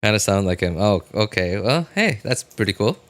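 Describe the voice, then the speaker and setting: A man's voice: on the low side, very animated, moderate pace. A man streaming a live reaction, chatting casually and rambling with many fillers and restarts.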